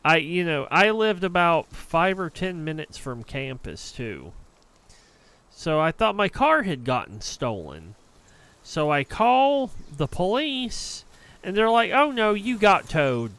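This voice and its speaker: A man's voice: a little high, big pitch swings, slow pace, a bit bright, smooth. A young adult man streamer casually telling a rambling, profane story on a livestream. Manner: rambling, profane, heated anecdote.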